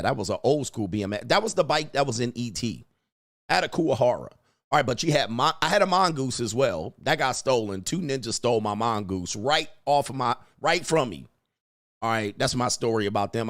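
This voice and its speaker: A man's voice: medium pitch, a bit bright. A man hosting crude casual commentary, laughing and swearing as he tells stories. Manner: profane, laughing, storytelling. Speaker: livestream commentary host.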